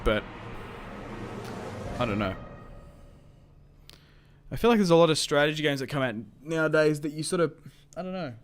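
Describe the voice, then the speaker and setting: A man's voice: fairly high pitch, lively intonation, moderate pace, long pauses, slight background noise. A young man with an Australian accent, chatting casually to viewers on a strategy game livestream, rambling with many fillers and restarts. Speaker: streamer.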